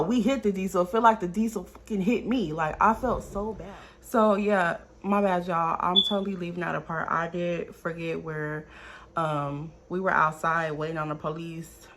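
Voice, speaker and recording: A young woman, telling a storytime vlog in a loose, swearing, talk-to-the-viewers way. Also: on the low side. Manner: lively, talks straight to viewers, swears freely. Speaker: vlogger. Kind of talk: casual storytime.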